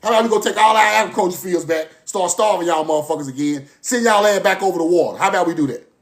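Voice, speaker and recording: A man delivers a passionate, profane monologue straight to his listeners. His voice sits high, and he keeps circling back to the same phrases. He moves from forceful outbursts to low, muttered stretches. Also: fast, gravelly. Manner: forceful, repetitive, profane, swings from loud to low. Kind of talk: impassioned monologue to camera.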